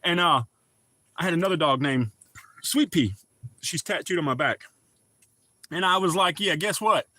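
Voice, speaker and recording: A middle-aged man hosting a laid-back livestream and chatting to his viewers. His voice sits a little high and sounds bright and forceful. He keeps greeting people by name as he talks. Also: moderate pace, long pauses, no echo. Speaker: livestream host. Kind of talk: casual livestream chat.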